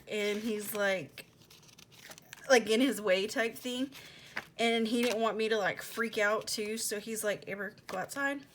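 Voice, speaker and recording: A young woman planner vlogger chats casually at home while decorating a planner, animatedly retelling a story full of "like" and quoted back-and-forth. Her mid-range voice drops to a soft near-whisper as she works, with a little hiss or hum in the audio.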